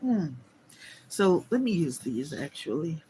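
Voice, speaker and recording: A woman drawls slowly through a casual livestream, yawning now and then and calling her viewers y'all. She talks into a phone on a holder at a craft table, with a faint hum of room ambience behind her. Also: deep voice, very animated, mellow. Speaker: livestream host.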